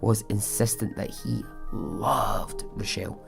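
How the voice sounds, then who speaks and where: A man's voice: fairly low pitch, fairly even intonation, slow, gravelly, over music. A man hosting a podcast, narrating a true story casually with chatty asides and frequent fillers. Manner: chatty, conversational asides, frequent "you know".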